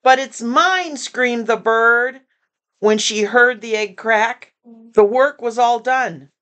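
An older woman reading a children's picture book aloud with gentle, chatty asides to young listeners. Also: on the high side, little pitch movement, slow. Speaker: storybook reader.

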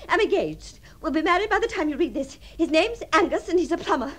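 In a radio drama, a woman plays the Princess, a deluded, lonely upper-class spinster who dreams of marriage. Her high, very animated voice is refined and swings between breathy tenderness and giddy excitement, and she talks fast.

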